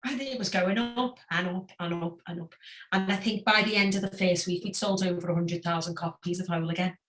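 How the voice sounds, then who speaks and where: Bright, animated woman in an echoey room. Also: fairly low pitch, a little fast, distant mic. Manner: animated, laughs often, acts out voices in anecdotes. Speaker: podcast guest, former girl-band singer. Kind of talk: casual storytelling interview.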